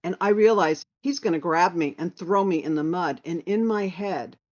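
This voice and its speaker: Woman, casual storyteller, lively delivery, muffled lo-fi audio. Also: lowish voice, moderate pace. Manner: animated, quoting others in lively voices. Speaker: storyteller sharing memories. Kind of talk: casual spoken anecdote. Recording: dull lo-fi sound.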